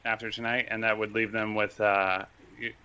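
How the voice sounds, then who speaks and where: A man's voice: on the low side, flat delivery, normal speed, bright, forceful tone, smooth, muffled recording. A man chatting casually as a guest on a podcast, rambling with fillers and restarts. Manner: chatty, self-deprecating, many fillers and restarts.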